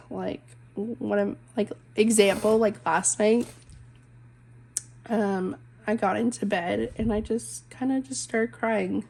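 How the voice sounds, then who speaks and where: A woman's voice: medium pitch, vocal fry, darkish tone. A woman in her twenties, a stay-at-home mom, chatting casually and rambling while she colors, full of "like" and "um". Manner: rambling, heavy use of "like" and "um", self-interrupting.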